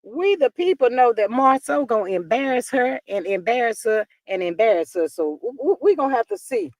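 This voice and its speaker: A woman with a sing-song, darkish voice on the high side talks briskly, with no room sound, on a livestream computer mic. Hosting a casual gossip livestream, she reads viewer chat in a chatty, drawling way and calls everyone "child."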